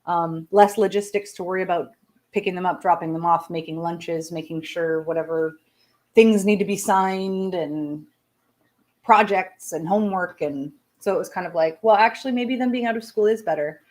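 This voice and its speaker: A woman's voice: lowish voice, moderate pace, a little mellow. A woman in her thirties hosting a live show, chatting casually with viewers, laughing often and making self-deprecating asides. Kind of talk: casual personal chat.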